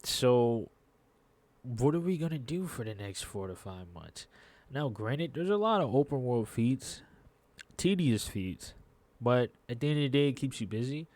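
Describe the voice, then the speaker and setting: A man's voice: medium pitch, very animated, unhurried, a little mellow, no echo. A man giving casual gaming commentary, ranting in an exasperated, repetitive and slangy way about a game update. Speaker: gaming YouTuber.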